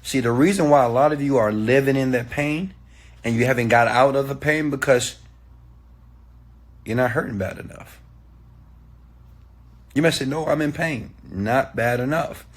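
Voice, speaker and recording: A man giving a motivational talk, preachy and animated, often checking in with "okay?". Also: mid-range voice, normal speed, pauses often. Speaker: motivational speaker.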